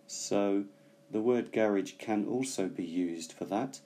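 A man gives an English lesson, weighing each word and pausing to explain. His voice sits low and mellow. He takes his time, never rushing. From Britain. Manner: slow, careful explanations with hesitations. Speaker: English teacher. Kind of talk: bilingual language lesson.

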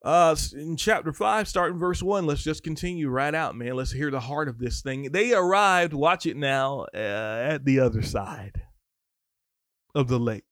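A man teaching the Bible on a podcast in sermon style, reading scripture and breaking off into lively, casual asides. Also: on the high side, moderate pace, no room sound, studio quality.

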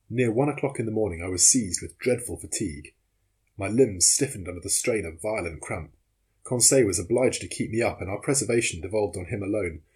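A man with a husky voice reading a novel aloud as audiobook narrator, in a measured, steady way. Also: lowish voice. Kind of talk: scripted narration.

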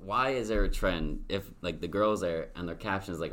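A man's voice: sits low, moderate pace, slight background noise. A young man in casual podcast chat, swearing freely and telling stories with animation. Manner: profane, animated storytelling.

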